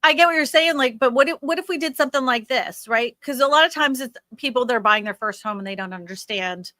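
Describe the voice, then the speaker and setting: A woman's voice: high-pitched, quick pace, bright, forceful tone, no room sound, clean studio sound. A woman hosting a livestream, explaining things in a chatty way with many asides. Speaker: host. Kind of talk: casual livestream chat.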